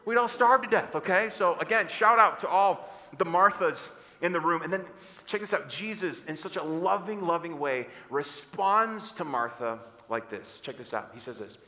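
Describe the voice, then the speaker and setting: A man's voice: fairly high pitch, animated, moderate pace, sharp tone. A man preaching a sermon, leading the room in call-and-response and repeating his key phrases. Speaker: pastor. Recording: echoing hall.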